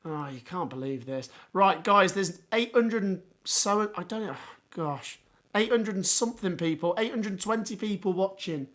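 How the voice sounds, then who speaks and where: Hoarse, excitable man. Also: high voice, moderate pace. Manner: excitable, exclamatory, reacting live. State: hoarse, voice going. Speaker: livestream watchalong host. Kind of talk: live football watchalong commentary.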